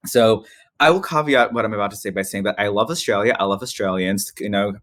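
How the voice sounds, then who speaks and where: A man in his forties from the Philippines, a podcast guest telling personal stories in a lively, restart-filled way with frequent laughs. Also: lowish voice, fast talker, dry recording. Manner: animated, laughs often, many restarts. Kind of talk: casual storytelling interview.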